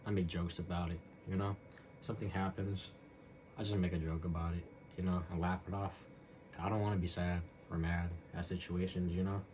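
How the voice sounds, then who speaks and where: A young man with a lowish voice talks through a personal story on his own podcast. He wanders from point to point and leans on fillers and slang as he goes. A faint hum sits under his voice. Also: level tone, fairly quick, a little mellow. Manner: rambling, loose, with many fillers and slang. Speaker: podcast host. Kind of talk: casual solo storytelling monologue.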